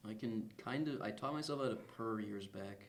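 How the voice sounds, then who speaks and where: A man's voice: lowish voice, moderate pace, slight background noise. A man appearing as a podcast guest, dropping dry, understated quips. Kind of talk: casual podcast chat. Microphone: podcast microphone.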